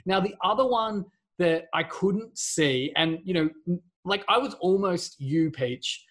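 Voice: medium pitch, measured pace, a bit bright. A podcast co-host, chatting casually in a rambling way and laughing often. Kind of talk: casual chat.

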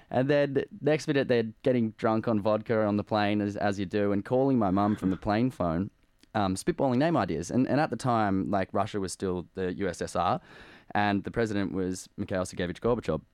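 An Australian man in his thirties tells a story as a radio interview guest. His low voice runs at a fast pace, animated and full of "like" and "um." The sound is dry and close. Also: no room sound. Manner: animated, tells stories with lots of fillers.

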